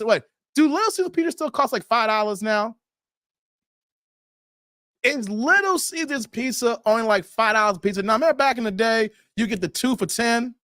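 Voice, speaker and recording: A man's voice: very high voice, bright, forceful tone, no echo, studio quality. A man hosting a casual live stream, reading viewer comments aloud and laughing often.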